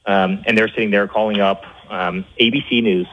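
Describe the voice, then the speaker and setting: A man talking as a guest in a fast talk-show interview, stumbling over repeated words and fillers with rising indignation. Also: on the low side, fairly even intonation, muffled recording.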